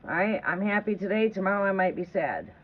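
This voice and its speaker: A woman's voice: medium pitch, fairly quick. Woman talking over a tinny phone line. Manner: rambling, profane, conversational, often asks "right?". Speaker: tarot reader hosting a live stream. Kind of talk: casual live-stream chat and storytelling. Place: at home in a trailer. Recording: tinny phone-like audio with faint noise.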